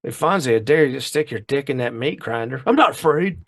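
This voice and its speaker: A man's voice: medium pitch, quick pace, vocal fry. A man co-hosting a podcast, casually retelling a TV episode in a rambling way with many restarts. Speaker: podcast co-host.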